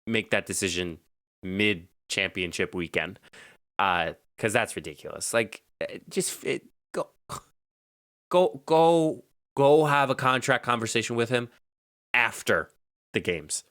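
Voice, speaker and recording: A man's voice: fairly low pitch, measured pace, no room sound, studio quality. A young man co-hosting a casual podcast chat, talking animatedly, getting worked up and laughing a lot. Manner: animated, gets heated and laughs often. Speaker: podcast co-host.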